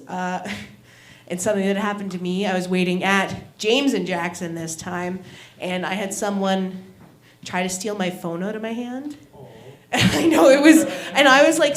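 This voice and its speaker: A woman's voice: medium pitch, slight background noise. A woman doing a stand-up set at an open mic, telling stories with frequent giggles and self-deprecating asides. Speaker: stand-up comedian. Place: small comedy venue, echoey room. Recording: echoey live room.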